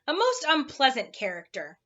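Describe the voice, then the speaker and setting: A woman's voice: sits high, huge pitch swings, normal speed, bright, forceful tone, muffled recording, heavily acted. A woman doing lazy, drowsy storybook townsfolk. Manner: droning, lazy sing-song recitation.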